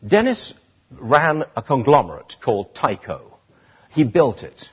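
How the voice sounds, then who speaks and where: Animated British man giving a speech. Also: medium pitch, unhurried, husky. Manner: animated, rising to indignant emphasis. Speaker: speaker addressing an audience. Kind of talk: public speech. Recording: dull lo-fi sound.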